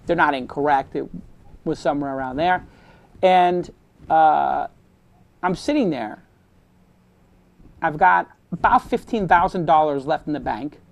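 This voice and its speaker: A high-voiced man gives an animated, motivational talk to a room of students. He punctuates his stories with sound effects and shifts his delivery freely. His style is punchy, candid and confident. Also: unhurried, vocal fry, long pauses. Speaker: host giving a talk to students. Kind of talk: motivational storytelling.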